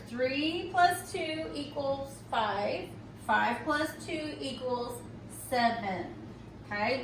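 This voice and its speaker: A woman teacher slowly and patiently walking children through a recorded phonics lesson, often checking in with "okay?". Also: high voice, fairly bright tone, a little hiss or hum. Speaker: reading teacher. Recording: echoey room, mic at a distance.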